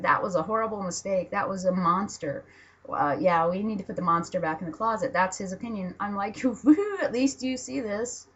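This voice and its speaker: A woman's voice: medium pitch, a bit bright, husky, lo-fi sound. A woman ranting bluntly and profanely to her viewers in a home vlog, laughing between lines. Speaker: vlogger.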